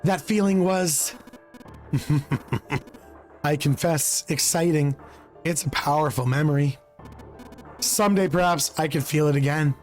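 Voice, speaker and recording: A slightly hoarse man voicing a cold, polite, murderous older male villain in a calm, measured way. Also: on the high side, soft background music. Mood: savoring.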